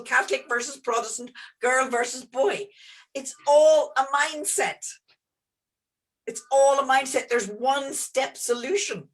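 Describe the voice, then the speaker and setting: A middle-aged woman speaking as an interview guest, earnest and expansive, often pausing and restarting her sentences. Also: a little high, fairly bright tone. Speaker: guest, entrepreneur and geologist. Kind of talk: conversational interview answers.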